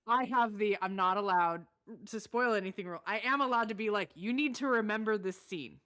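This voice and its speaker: A woman streamer in casual chat, excitable and full of swearing, shrieking when exasperated. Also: mid-range voice, fairly quick.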